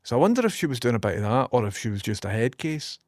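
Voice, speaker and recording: A man's voice: mid-range voice, very animated, fast talker, dry recording, studio quality. A man with a Scottish accent chatting casually to his stream, swearing and joking as he tells stories and reads messages. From Scotland.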